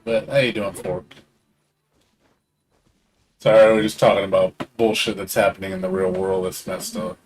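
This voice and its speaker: A man's voice: lowish voice, steady tone, normal speed, pauses often. A middle-aged man streaming a game, rambling in casual chat and swearing freely. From Hispanic background.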